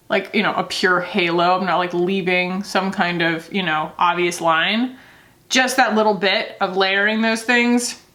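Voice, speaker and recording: A woman's voice: mid-range voice, fairly bright tone. A woman vlogger talking casually through a makeup tutorial, chatty and loose, often laughing. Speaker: beauty vlogger.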